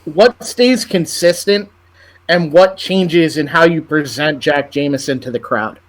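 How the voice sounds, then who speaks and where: A man's voice: fairly high pitch, unhurried. A man hosting a wrestling podcast, asking long rambling questions in a casual, friendly way. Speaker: podcast host. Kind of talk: casual interview chat.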